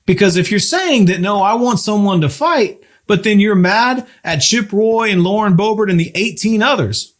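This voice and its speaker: A man's voice: high-pitched, expressive, moderate pace, few pauses. A man hosting a casual political talk show, building his point through rhetorical, emphatic questions. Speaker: podcast host.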